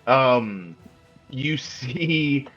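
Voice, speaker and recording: A man narrating as game master of a tabletop game, casual and halting, with many fillers. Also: mid-range voice, lively intonation, a bit bright. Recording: dull lo-fi sound with faint music.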